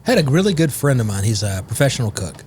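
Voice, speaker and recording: A man's voice: mid-range voice, very fast. Guy co-hosting outdoors, laid back, rambles a bit, faint noise around. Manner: relaxed, rambling storyteller. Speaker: podcast co-host. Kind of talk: casual chat.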